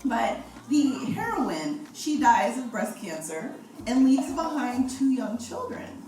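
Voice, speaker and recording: A woman in her forties sharing her personal testimony as a guest speaker, animated and laughing often. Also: a little high, takes it slowly. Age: 40s. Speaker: guest speaker, breast cancer survivor. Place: event hall. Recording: echoey hall, far from the mic, noisy.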